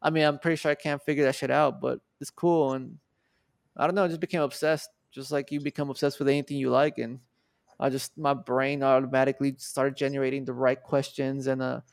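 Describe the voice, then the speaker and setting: A man in his twenties from Mexico, appearing as a podcast guest, casually retells a story with lots of swearing and acted-out quotes. His mid-range voice is creaky and a little fast, recorded dry in studio quality.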